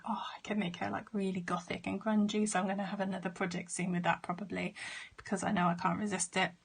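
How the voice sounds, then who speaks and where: A woman chatting casually as she shows her handmade cards, a little hoarse from losing her voice. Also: mid-range voice. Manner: chatty, with fillers and trailing asides. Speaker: craft vlogger. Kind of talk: casual show-and-tell.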